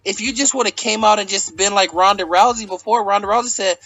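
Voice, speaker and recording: A man with a high, bright, forceful voice hosts a casual, profane chat. He tells stories loosely, full of "like" and "um", and the recording is close and dry. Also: brisk, vocal fry, few pauses, no room sound, low-quality recording. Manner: loose, filler-heavy storytelling. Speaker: host.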